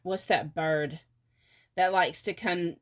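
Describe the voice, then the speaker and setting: Woman, tarot reader, unhurried lower voice, giggly and halting. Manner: giggly, halting with many fillers. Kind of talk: casual pick-a-card reading.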